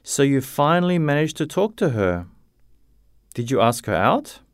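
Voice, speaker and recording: A man's voice: mid-range voice, sing-song, normal speed, no room sound, clean studio sound, pitched above the performer's own voice. A man voicing a loyal, coaxing teenage boy friend in a read-aloud storybook. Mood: teasing. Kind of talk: graded-reader story narration.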